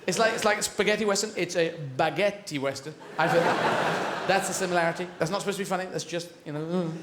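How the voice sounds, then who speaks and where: A man's voice: sits high, quick pace, very noisy. A man doing stand-up comedy on stage, talking animatedly and jumping between voices. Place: large theatre stage. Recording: echoey live theatre recording.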